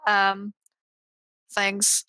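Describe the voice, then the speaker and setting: Woman on a stream call, bright voice, keeps restarting sentences. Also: medium pitch, monotone, extremely slow, smooth, dry recording, rough recording. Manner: stammering restarts, chatty. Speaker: stream guest. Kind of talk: casual chat.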